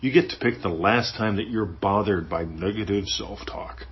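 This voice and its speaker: A man's voice: fairly low pitch, moderate pace. A man hosting a podcast, teaching in a casual, playful way and acting out little inner voices. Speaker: podcast host. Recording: dull lo-fi sound.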